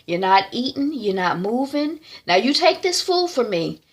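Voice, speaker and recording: A woman's voice: a little high, big pitch swings, moderate pace, slightly rough, exaggerated voice. A woman voicing a worried, caring mother who gives firm, earnest advice.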